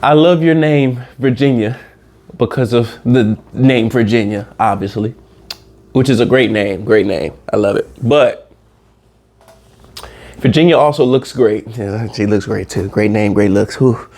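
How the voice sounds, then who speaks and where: A man's voice: medium pitch, measured pace, a little mellow. A man hosting a casual reaction video, rambling and preaching life lessons straight to his viewers and swearing freely.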